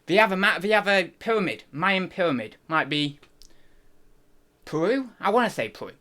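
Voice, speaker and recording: A man's voice: high-pitched, lively intonation, moderate pace, bright, forceful tone. A man hosting a live stream, chatting casually and rambling with self-deprecating asides. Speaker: livestream host.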